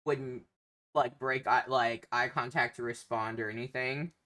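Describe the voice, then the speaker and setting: A woman runs a tabletop game as its narrator, pausing often with ums as she sets the scene. Her voice is low yet bright and clear. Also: steady tone. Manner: hesitant, lots of ums. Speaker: game master.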